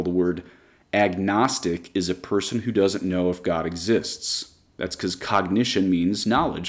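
A man teaching a Catholic Bible study, explaining word meanings with enthusiasm and slowing down to spell out Greek terms. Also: low-pitched, a little mellow.

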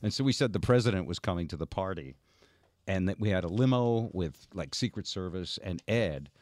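A man hosting a radio talk show, telling stories in an animated, rambling way. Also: low-pitched, fairly quick, no echo. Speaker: radio host.

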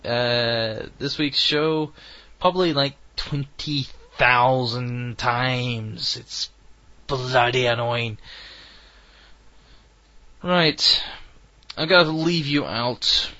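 Slow, bright-voiced radio host. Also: male voice, mid-range voice, no room sound, lo-fi sound. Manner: rambling, self-correcting, chatty. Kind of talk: casual radio sign-off chat.

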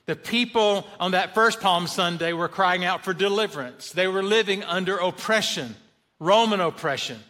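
A man's voice: high-pitched, moderate pace, bright, forceful tone. A man preaching a sermon as pastor, emphatic, rising on questions and quoted cries.

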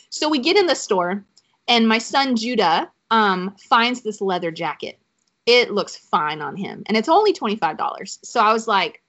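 A woman's voice: mid-range voice, expressive, normal speed, fairly bright tone. Woman in her 30s sharing a faith testimony on a podcast, gets choked up, a bit dull sounding audio. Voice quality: emotional, choking up at times. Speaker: podcast guest.

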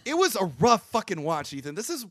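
A man with a high voice riffs on a podcast about a bad film, sardonic and swearing. His pitch leaps around, and the recording is dry and close. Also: very animated, brisk, a bit bright, no room sound. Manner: sardonic, swearing, quoting characters. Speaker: podcast co-host. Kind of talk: casual chat, recapping a movie.

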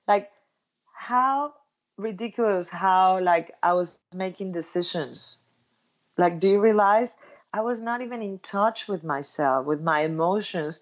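A woman's voice: fairly low pitch, dull audio. A woman from Mexico, a guest telling her life story and acting out what her friends said. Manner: animated, acts out quoted friends in livelier tones. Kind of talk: personal storytelling in conversation.

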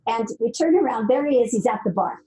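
A woman's voice: on the high side, lively intonation, fast talker, mellow, slight background noise, low-quality recording. A woman guest author telling a story in an earnest, emphatic way, often repeating her phrases. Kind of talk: conversational storytelling.

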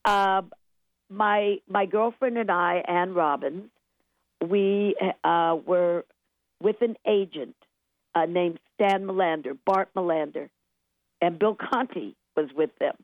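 An older woman with a fairly low voice tells lively showbiz stories, slipping into the voices of the people she quotes. She sounds thin and tinny, as if she is on a phone line, and the sound is dry and close. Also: takes it slowly, no room sound. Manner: lively anecdotes, acts out quotes, laughs often. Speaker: guest songwriter. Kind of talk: animated storytelling interview.

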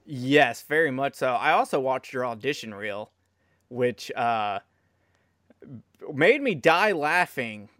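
A man's voice: medium pitch, expressive, slow, fairly bright tone, no echo, clean studio sound. A man hosting a podcast interview in a casual way, swearing freely. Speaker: podcast host.

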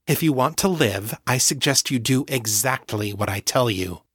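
A man voicing a stern middle-aged mother in an audiobook, speaking in a loud, clear, cold and commanding way. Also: extremely low pitch, expressive, moderate pace, dry recording, studio quality, heavily acted. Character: stern middle-aged mother holding a shotgun, icily calm.

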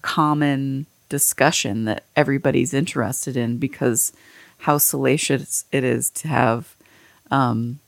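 A woman hosting a podcast who talks in a low, unhurried voice. She rambles candidly and swears freely. The sound is dry and close. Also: steady tone, creaky, dry recording. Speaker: podcast host. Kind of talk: casual chat.

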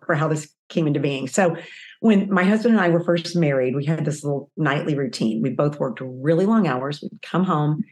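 Low-voiced woman telling a lively story. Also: normal speed. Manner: animated storyteller, acts out quoted voices. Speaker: guest. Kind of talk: conversational storytelling interview.

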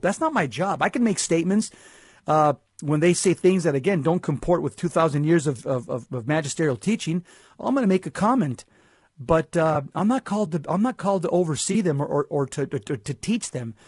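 A man's voice: fairly high pitch, darkish tone, slightly rough, no echo, clean studio sound. A man co-hosting a Catholic talk show, speaking earnestly and often repeating words as he gets going. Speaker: Catholic radio co-host. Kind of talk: casual faith talk show chat.

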